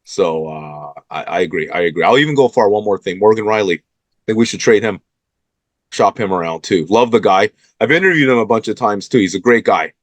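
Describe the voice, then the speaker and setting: A man's voice: lowish voice, lively intonation, brisk, no room sound. A man hosting a sports talk show, fired up and emphatic as he calls out the team's owners.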